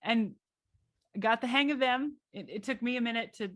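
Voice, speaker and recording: Lively woman podcast host telling stories. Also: fairly high pitch, moderate pace, no room sound, studio quality. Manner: animated storyteller, acts out her own reactions. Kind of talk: casual chat.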